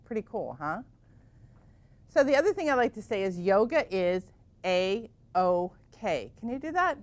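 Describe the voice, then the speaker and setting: A woman teaching yoga to children in a gentle, encouraging way, asking them lots of questions. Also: on the high side, very animated, a little fast, dry recording.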